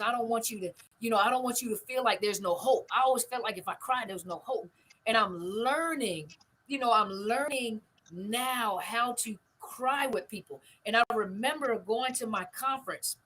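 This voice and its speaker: Older woman, high-pitched, emphatic repetitive storytelling. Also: sharp tone, poor audio. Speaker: host. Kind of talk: family conversation.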